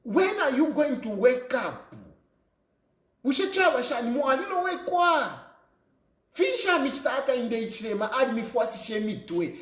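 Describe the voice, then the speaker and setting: A man's voice: very high voice, very animated, moderate pace, fairly bright tone, roomy sound. A Zambian man giving an impassioned political monologue, firing off repeated rhetorical questions and switching between English and a local language. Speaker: political commentator.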